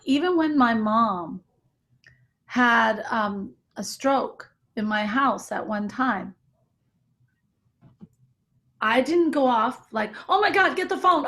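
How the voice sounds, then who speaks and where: A woman leading an online discussion group, telling a personal story in an animated, laughing way. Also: a little high.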